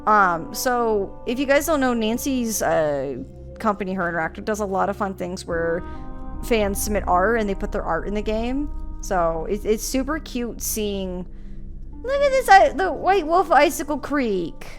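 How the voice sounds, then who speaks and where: Giggly woman with a lively, bouncing voice. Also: mid-range voice, unhurried. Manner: giggly, playful, chatty. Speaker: gaming streamer. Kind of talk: casual let's-play commentary. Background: faint game music.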